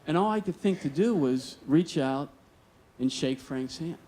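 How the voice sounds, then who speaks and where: A man's voice: fairly high pitch, expressive, unhurried, a little mellow. Male live storyteller, earnest and vivid, voices the dialogue himself. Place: stage at a museum storytelling event.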